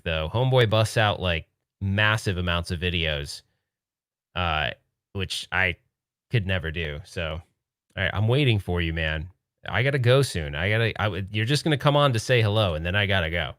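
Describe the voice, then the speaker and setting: A man's voice: deep voice, no room sound, studio quality. A man hosting a late-night livestream from home, chatting casually, joking and laughing while trying to keep his voice down. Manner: laughing, joking, excitable but hushed. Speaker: livestream host.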